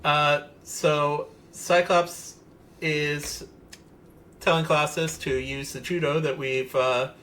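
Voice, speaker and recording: A man with a bright, forceful voice co-hosts a casual podcast and picks apart details with plenty of ums and uhs. A faint hum of room noise sits behind him. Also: fairly high pitch, level tone, takes it slowly. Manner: analytical, nitpicky, many uhs and ums. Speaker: podcast co-host. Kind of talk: casual comic-book discussion.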